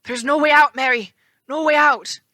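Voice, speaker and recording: A woman's voice: sits high, fairly even intonation, normal speed, bright, forceful tone, no room sound, voice pushed up. A woman voicing a teenage boy who is terrified and raving with madness, in a storybook reading. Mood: desperate.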